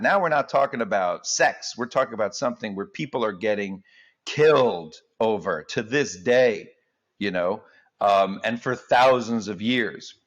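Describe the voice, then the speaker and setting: A man who is a comedian, talking as a guest in an animated, jokey way and acting out the quotes he tells. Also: on the low side, highs cut off. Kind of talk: comedic interview chat.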